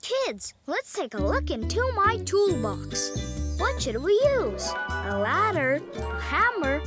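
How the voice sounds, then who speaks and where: A woman's voice: very high-pitched, big pitch swings, slow pace, over loud music, exaggerated voice. A woman voicing a cheerful young male magical truck in a children's cartoon, upbeat and eager, talking to the kids.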